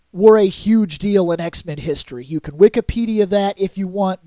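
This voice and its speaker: A man vlogging a casual comic book review in an excitable way, adding sound effects and acting out lines. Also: sits high, no room sound. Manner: excitable, adds sound effects and acts out quotes.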